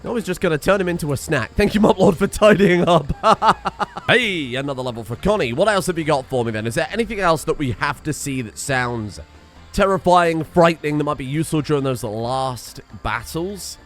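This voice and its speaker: A man giving excitable, sweary let's play commentary, laughing often. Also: a little high, a little fast, faint music behind. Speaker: gaming streamer.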